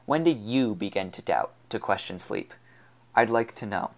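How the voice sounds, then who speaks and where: A man's voice: on the low side, lively intonation, moderate pace. A man reading as a bitter young woman. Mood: earnest. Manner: trembling, scornful delivery. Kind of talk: audiobook character reading.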